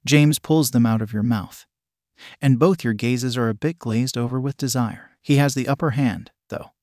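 A man's voice: mid-range voice, normal speed, no echo, clean studio sound. Man narrating an intimate adult story. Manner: soft, intimate storytelling addressed to the listener. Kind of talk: second-person adult audio story narration.

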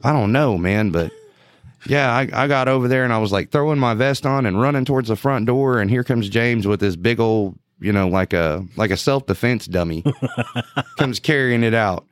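A man's voice: medium pitch, normal speed, smooth, no echo, studio quality. A man telling a story in a casual podcast chat, acting out quotes and laughing often. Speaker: podcast co-host, police officer.

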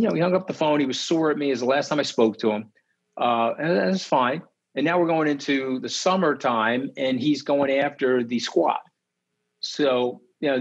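Emphatic man with a husky voice. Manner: emphatic, indignant, pitch jumps high when outraged. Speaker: interview guest. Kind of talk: animated interview storytelling. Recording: slightly dull lo-fi audio.

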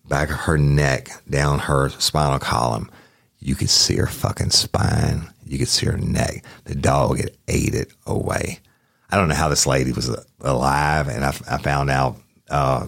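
A man with a very deep, low voice tells a police story in a loose, rambling way. He restarts his sentences and swears freely. The sound is dry and close to the mic. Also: vocal fry, no echo. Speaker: podcast host recounting a police case. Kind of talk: casual storytelling.

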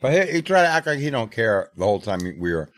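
A man's voice: mid-range voice, very animated, quick pace, no room sound. A man co-hosting a casual podcast chat, laid-back and slangy. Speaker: podcast co-host.

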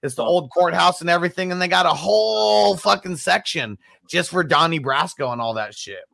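Bright, dry-voiced man talking loosely. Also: high voice, animated, fairly quick, gravelly, no room sound. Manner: laid-back, heavy swearing, reads out viewer comments. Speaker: podcast host reading chat comments. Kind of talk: casual chat.

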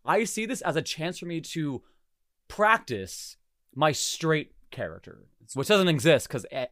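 A man's voice: on the high side, a little slow, no room sound, studio quality. A young man in his twenties hosting a podcast, chatting casually and acting out quotes as he tells stories. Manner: animated storytelling, laughing, acting out quotes. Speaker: podcast host. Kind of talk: casual chat.

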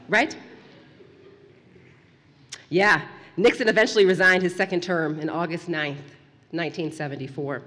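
A woman with a bright, sharp voice tells a story to an audience in a lively, playful way, sinking to a near hush for the tense bits. Her voice rings out in a large hall with a long reverb. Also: lowish voice, normal speed, long pauses. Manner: animated, playful, drops to a hush for suspense. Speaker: speaker telling a story to an audience.

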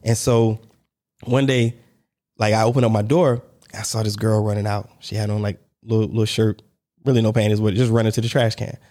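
A man co-hosting a casual podcast, telling a story with lively pitch swings and acted-out quotes. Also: a little fast. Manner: animated storyteller, acts out quoted voices, laughs between lines. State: on crutches. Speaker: podcast co-host.

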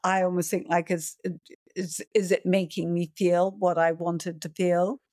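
Low-voiced calm woman filmmaker. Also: measured pace, dry recording, clean studio sound. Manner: calm, reflective, acts out panicked voices. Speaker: film producer and director, guest. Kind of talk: podcast interview answers.

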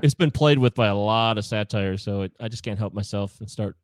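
A man's voice: on the low side, brisk, no echo. A man co-hosting a casual film discussion podcast, wry and sarcastic, reading bits of reviews aloud. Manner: wry, reads quotes aloud, sarcastic asides. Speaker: podcast co-host.

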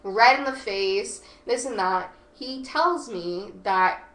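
A woman's voice: medium pitch, slow. Woman guest just spilling a story, says like constantly, swears, roomy echo. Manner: animated, heavy use of "like", swearing freely. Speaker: podcast guest. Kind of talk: casual storytelling chat. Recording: echoey room with faint noise.

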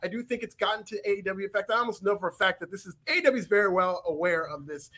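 A man co-hosting a podcast, chatting casually and animatedly about wrestling, with frequent restarts. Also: sits high. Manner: animated, talks fast with restarts. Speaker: podcast co-host.

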